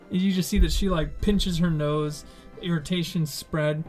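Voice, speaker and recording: A man narrating a live-streamed tabletop game as game master, loose and casual, with plenty of fillers. His voice sits a bit high for a man. Faint music plays underneath. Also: fairly even intonation, unhurried, darkish tone.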